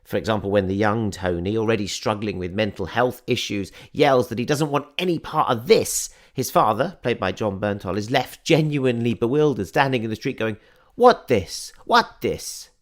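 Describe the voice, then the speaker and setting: Guy doing a film review, kinda low voice, chatty and keen. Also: brisk, few pauses. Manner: chatty, enthusiastic, wry. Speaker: film reviewer and podcast host. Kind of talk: scripted film review and interview intro.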